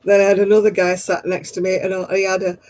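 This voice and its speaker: A woman's voice: mid-range voice, level tone, fast talker, darkish tone, rough recording. A woman hosting a livestream craft night, who chats casually, tells stories and laughs at herself often. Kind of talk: casual chat.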